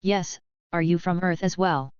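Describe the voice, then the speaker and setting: A woman voicing a female talking space dog in a storybook reading, slow and pleading. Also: fairly low pitch, clean tone, dry recording, close to an everyday voice. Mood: curious. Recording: dull, lo-fi dry recording.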